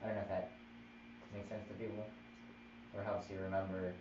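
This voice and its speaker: A man's voice: sits low, flat delivery, a little fast. A man teaching a chant theory class, patiently explaining and counting out beats. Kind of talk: live-streamed music theory class. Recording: roomy, distant, dull live stream with noise.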